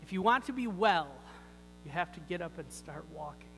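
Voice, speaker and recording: A man's voice: high-pitched, lively intonation, moderate pace, vocal fry, pushed and bright, long reverb tail, soft background music, rough recording. A man preaching a sermon in a church, talking in a conversational, wry way with many rhetorical questions. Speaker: pastor. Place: church sanctuary.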